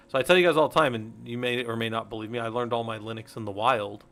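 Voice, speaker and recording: A man's voice: mid-range voice, fairly even intonation, fast, hardly any pauses, a bit bright. A middle-aged man hosting a casual teaching stream, rambling and interrupting himself, laughing at his own jokes. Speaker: host.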